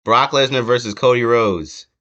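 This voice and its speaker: Rambling young man, bright lo-fi sound. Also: medium pitch, moderate pace. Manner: rambling, hesitant, many fillers. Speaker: wrestling channel host. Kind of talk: casual prediction chat. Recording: dull lo-fi home recording.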